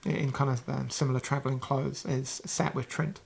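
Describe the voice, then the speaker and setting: Creaky-voiced New Zealand game master. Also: male voice, mid-range voice, flat delivery, normal speed. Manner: rambling, many ums and restarts. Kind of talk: narrating a tabletop game.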